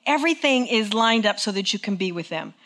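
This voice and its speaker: Fairly quick and expressive, a woman with a mid-range, fairly bright voice preaches a sermon in church. She talks with the congregation conversationally, leading call and response and often asking "okay?".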